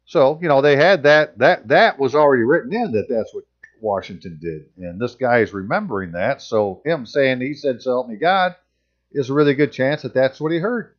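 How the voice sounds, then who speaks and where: A man's voice: medium pitch, animated, normal speed, muffled recording. A man reading passages aloud and commenting on them in casual, sarcastic asides as a channel host.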